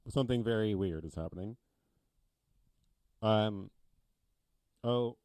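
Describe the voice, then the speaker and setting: A man with a lowish, mellow voice hosting a casual gear-testing livestream from a home studio. He thinks aloud with plenty of fillers, speaking close into a microphone, and the sound is dry. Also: no echo. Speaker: livestream host. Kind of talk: casual live gear demo. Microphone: close dynamic microphone.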